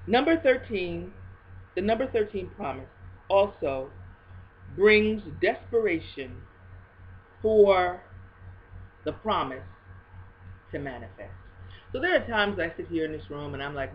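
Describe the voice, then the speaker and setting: A woman talking in a casual faith video blog, expressive and swinging between hushed and loud. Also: fairly low pitch, measured pace, long pauses, muffled recording, slight background noise.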